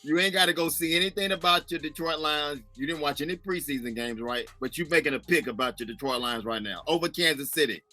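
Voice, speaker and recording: A man's voice: on the high side, fast talker, few pauses, sharp tone, no room sound. A man co-hosting a casual sports podcast, teasing his partner and arguing his points, sometimes stumbling over words. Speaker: podcast co-host.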